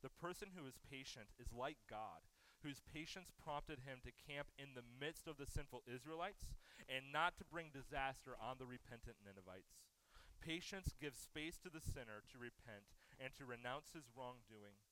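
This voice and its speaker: A man's voice: mid-range voice, normal speed, sharp tone, rough recording. A man preaching a sermon in a conversational way, often asking the congregation questions. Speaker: pastor.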